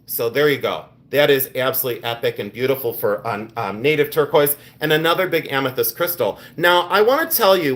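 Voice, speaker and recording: A middle-aged man hosting a live jewelry sale stream, talking in quick exclamations as he shows each piece. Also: a little high, fairly bright tone. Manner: exclamatory, enthusiastic show-and-tell.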